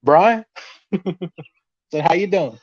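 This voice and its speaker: A man's voice: high voice, slow pace, no room sound. A young man hosting a casual podcast livestream, nervous and laughing as he reads out viewer comments. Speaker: podcast host. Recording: dull, lo-fi dry sound.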